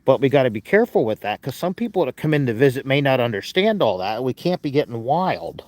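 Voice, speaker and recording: A man's voice: medium pitch, big pitch swings, fast, darkish tone, no room sound. A man hosting a casual livestream, talking in a folksy, chatty way and fussing affectionately over an animal. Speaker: livestream host.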